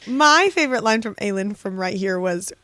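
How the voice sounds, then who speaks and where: A woman's voice: medium pitch, expressive, moderate pace, sharp tone, no room sound. A young woman co-hosting a casual book club chat, gushing and emotional, laughing through her tears. Her voice sits mid-range and comes across close and dry, with no room sound around it. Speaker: podcast co-host.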